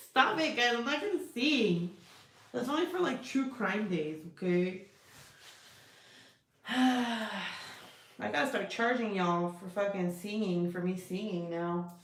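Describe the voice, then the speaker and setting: A woman's voice: medium pitch, unhurried, long pauses, echoey room. A woman chatting casually with viewers on a crafting livestream, profane and rambling, often breaking off to scold her cat. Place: indoor room at her craft desk.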